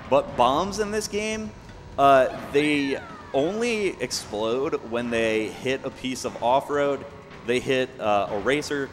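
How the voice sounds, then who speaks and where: A young man casually explaining his own speedrun as he plays, relaxed and full of fillers. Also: mid-range voice. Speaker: speedrunner commentating his run. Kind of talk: casual live commentary. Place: event venue. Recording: long hall reverb, faint background noise.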